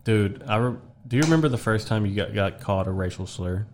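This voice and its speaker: A man's voice: lowish voice, animated, fairly quick, darkish tone, a little hiss or hum. A man who is a podcast guest, chatting casually and telling a story in a laid-back way, often saying "bro" and "dude".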